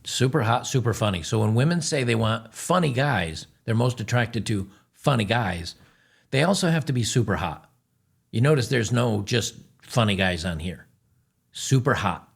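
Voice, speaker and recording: A man's voice: fairly low pitch, animated, moderate pace, gravelly, husky. A man hosting a reaction commentary, scornful and lecturing, repeating his points. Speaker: commentary host.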